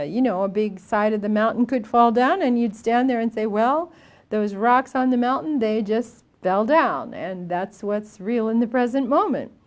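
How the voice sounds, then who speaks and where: Older female Buddhist teacher, slightly high voice, anecdotal dharma talk, halting with fillers. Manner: storytelling, with frequent fillers and restarts.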